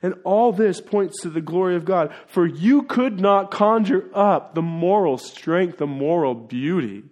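A man preaching a sermon in an earnest way, dropping into quiet asides and then building to emphatic, rising points. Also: high-pitched, lively intonation, unhurried, few pauses, dull audio. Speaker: pastor.

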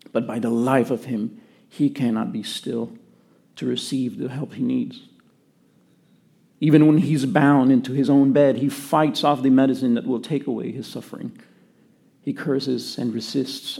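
A man preaching a sermon to his church in an earnest way, often dropping to a quiet voice for emphasis. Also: mid-range voice, gravelly. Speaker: pastor.

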